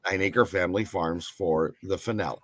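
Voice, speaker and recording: A man's voice: deep voice, normal speed. A man co-hosting a casual live-stream chat, reading out the event lineup in a loose, rambling way.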